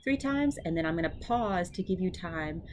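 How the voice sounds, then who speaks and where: A woman tutoring her classmates, casually explaining each word and then repeating it slowly and clearly. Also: fairly low pitch, lively intonation, slight background noise. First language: English. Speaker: seminary student tutoring classmates. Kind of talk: informal pronunciation drill.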